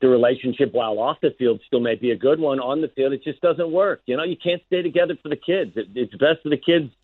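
A man's voice: mid-range voice, quick pace, no echo, narrow, tinny audio. Ex-receiver guy calling into sports radio, sounds like a phone, dry, earnest storytelling. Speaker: guest analyst, former wide receiver.

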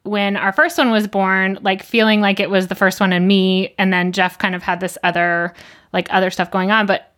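Woman co-host, friendly and chatty, mid-pitched. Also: level tone, normal speed, a bit bright. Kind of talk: casual interview chat.

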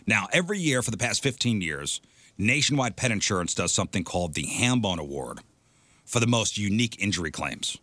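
Bright-voiced man reading radio stories. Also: fairly low pitch, sing-song, a little fast, no echo. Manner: chatty, reads stories then riffs. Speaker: radio show host. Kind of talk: casual radio banter, reading news items.

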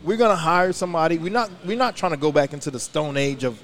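A man, a former player, holds forth in a loose podcast chat recorded live at a restaurant. He talks with emphasis and swears freely as he gets worked up. His voice sits a little high for a man. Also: lively intonation, quick pace, fairly bright tone.

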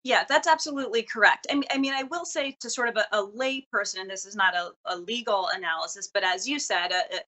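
A woman reporter explaining her reporting in an interview, articulate and brisk, sometimes correcting herself mid-sentence. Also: medium pitch, bright, forceful tone. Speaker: news reporter. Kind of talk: news interview answers.

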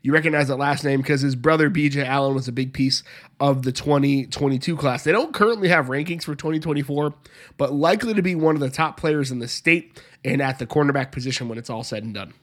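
A man co-hosting a sports podcast, reading dry, brisk news updates. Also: medium pitch. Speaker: co-host. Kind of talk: sports news rundown and chat.

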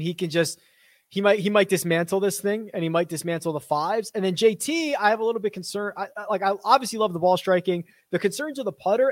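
A young man hosting a casual live stream, reading viewer questions and chatting with quick asides. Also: sits high, no room sound, studio quality. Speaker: host of a fantasy golf stream.

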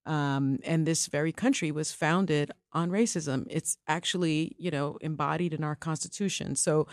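A woman's voice: deep voice, no echo, studio quality. A woman co-hosting a podcast, giving her opinions in an emphatic, casual way. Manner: emphatic, opinionated, quick asides. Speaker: co-host.

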